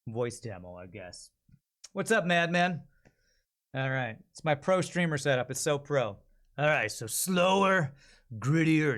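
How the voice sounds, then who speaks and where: A man chatting casually on a live stream as he works on voice-over recordings, thinking out loud and asking viewers for feedback. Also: on the high side.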